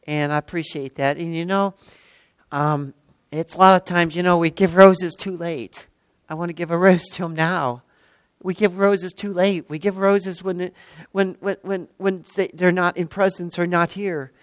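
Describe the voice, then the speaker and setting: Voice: mid-range voice, steady tone, normal speed, no room sound. A preacher in their sixties delivering a sermon, stressing and repeating key words with frequent exclamations. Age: 60s.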